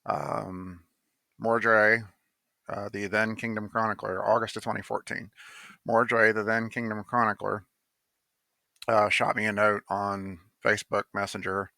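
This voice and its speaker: A man's voice: on the low side, flat delivery, measured pace, creaky, pushed and bright, no echo. A man telling how he came to write a poem, in a rambling casual monologue full of fillers and restarts, blunt and now and then swearing.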